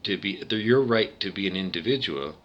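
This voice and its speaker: A man's voice: low-pitched, expressive, normal speed, a bit bright, lo-fi sound. A man from Canada talking alone to camera in a rambling, digressive monologue full of tangents and restarts. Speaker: vlogger.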